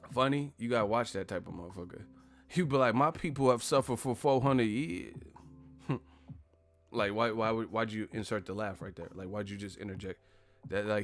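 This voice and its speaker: A man chatting casually on a live stream, laughing often, swearing and slipping into impressions of others. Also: fairly low pitch. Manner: laughs often, profane, slangy, imitates others. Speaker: commentator.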